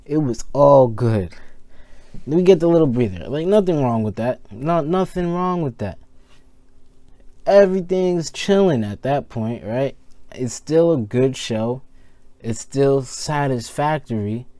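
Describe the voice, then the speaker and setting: A young man ranting casually about a wrestling show, rambling and animated, full of fillers and repeated words. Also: mid-range voice, a little slow, dry recording. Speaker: wrestling review vlogger. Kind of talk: casual rant to camera.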